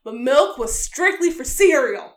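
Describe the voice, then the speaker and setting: A young woman co-hosting a podcast, telling stories in a playful, animated way. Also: high voice, a little slow. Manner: playful, animated storytelling with laughs. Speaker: podcast co-host. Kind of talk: casual chat.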